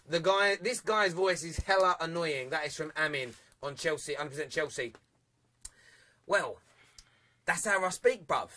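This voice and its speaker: High-voiced jokey man hosting. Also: measured pace, pauses often. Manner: chatty and jokey, laughs loudly and often; reads viewer comments aloud. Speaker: phone-in show host. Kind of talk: live football phone-in chat.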